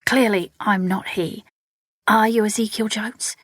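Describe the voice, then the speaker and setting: A woman's voice: medium pitch, fairly even intonation, unhurried, dry recording, clean studio sound, pitched above the performer's own voice, natural voice. A woman reading an audiobook, voicing a scared but indignant young woman who speaks tetchily. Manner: tetchy and impatient. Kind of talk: audiobook character voice.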